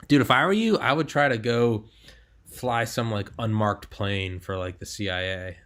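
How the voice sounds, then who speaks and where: A young man hosts a podcast in loose, casual conversation. His voice sits a little low, and he talks with animated energy, swearing freely and breaking into laughter mid-story. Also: moderate pace. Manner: animated, swearing, laughs while telling stories. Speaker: podcast host.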